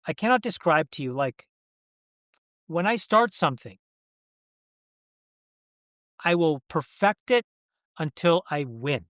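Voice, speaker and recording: A man's voice: a little high, big pitch swings, slow pace, pauses often, fairly bright tone, no room sound, studio quality. A man in his forties, a guest in an interview, talking earnestly and emphatically, often restarting mid-sentence. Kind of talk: candid interview conversation.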